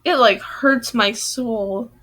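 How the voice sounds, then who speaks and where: Chatty woman reader, bright voice. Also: fairly high pitch, slow. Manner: chatty, lots of "like". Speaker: audiobook reader. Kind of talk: casual aside while reading aloud.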